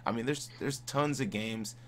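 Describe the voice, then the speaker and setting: A man's voice: medium pitch, normal speed, fairly bright tone, slight background noise. A man co-hosting a casual gaming podcast, laid-back and chuckling as he rattles off sale prices. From Midwest. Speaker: podcast co-host. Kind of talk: casual podcast chat reading game deals.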